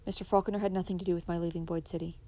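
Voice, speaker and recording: A woman reading a soft-spoken young daughter. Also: on the low side, very fast, close to an everyday voice. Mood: pleading. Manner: soft-spoken, calm but firm. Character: quiet, firm young daughter.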